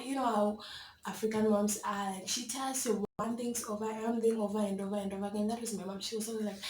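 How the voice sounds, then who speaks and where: A young woman from Kenya telling a story to her camera in a casual, animated way, laughing often and filling with "like" and "you know". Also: mid-range voice, fast, roomy sound, slight background noise. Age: young adult. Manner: animated, dramatic, laughs often, many likes and you-knows. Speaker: vlogger.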